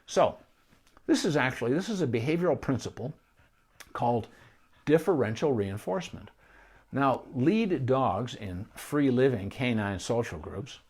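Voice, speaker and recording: A man's voice: mid-range voice, a little mellow. Middle-aged man, veterinarian, informal teaching voice, conversational with restarts. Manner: conversational, explanatory, with asides and restarts. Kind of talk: informal teaching on puppy training.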